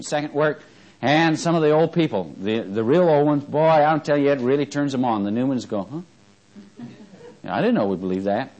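Male preacher in the pulpit, fervent, call-and-response questioning. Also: low-quality recording. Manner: swings from fervent rising emphasis to low quiet asides, asks the congregation questions. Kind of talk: sermon.

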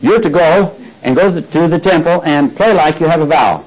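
A man's voice: a little high, lively intonation, normal speed, darkish tone, breathy edge, poor audio. A man preaching a sermon, retelling a scripture story, acting out its speakers and prompting the congregation to finish his lines, with frequent restarts.

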